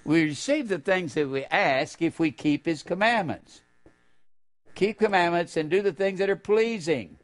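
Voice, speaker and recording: An older man preaching a fervent sermon, drawing out key phrases slowly and breaking into sudden loud, high outbursts. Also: expressive.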